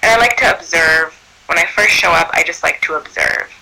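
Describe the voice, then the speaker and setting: A man working as a birth doula tells a true story in a lively, animated way. His voice sits high and sounds sharp and tense. A gravelly rasp runs under his words. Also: a little fast, rough recording. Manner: animated, acts out quoted speech. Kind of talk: personal storytelling.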